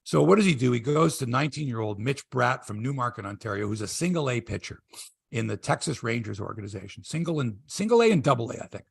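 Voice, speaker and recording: Talking at a quick pace with vocal fry and a breathy edge, a middle-aged sports podcast host tells stories in casual chat. He animatedly acts out quotes in a high, raised voice, and the recording has no echo.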